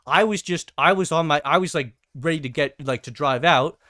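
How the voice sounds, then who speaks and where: A podcast host telling a story in a casual, animated way, cursing freely and acting out the people involved, with frequent stammered restarts. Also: medium pitch, brisk, no room sound, studio quality.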